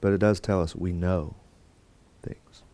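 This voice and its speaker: A man's voice: low-pitched, fairly even intonation, a little slow, dark tone. A man teaching a Bible course in a conversational lecture style, with fillers and restarts and quotes acted out. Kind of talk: classroom lecture.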